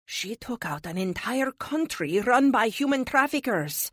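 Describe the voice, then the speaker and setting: Woman playing female hero, astonished and earnest, lively pitch, dry read. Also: measured pace, dry recording, exaggerated voice.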